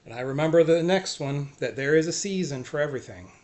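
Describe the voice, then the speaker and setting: Guy talking about faith and getting through hard days, earnest, soft, lots of short repeated lines. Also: a little high, lively intonation, quick pace. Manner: earnest, self-encouraging, repeats short phrases. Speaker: faith vlogger. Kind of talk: personal faith talk to camera.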